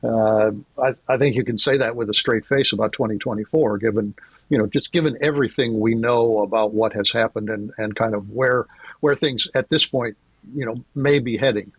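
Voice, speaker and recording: Male journalist guest, mid-pitched, measured and thoughtful, heard on dull, dry audio. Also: husky, no room sound. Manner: measured, thoughtful, with frequent fillers. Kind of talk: casual interview talk.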